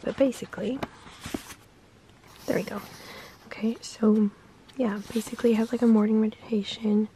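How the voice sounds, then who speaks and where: A young woman vlogging casually about her morning routine, talking softly in a half-whisper with a croaky morning voice and lots of "like" fillers. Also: on the high side, fairly even intonation, normal speed, long pauses, slight background noise.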